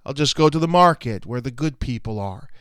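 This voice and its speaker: A man's voice: mid-range voice, lively intonation, a little fast, a bit bright, dry recording, studio quality, close to an everyday voice. A man voicing a proud young male donkey in a told story, speaking indignantly. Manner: indignant, self-important.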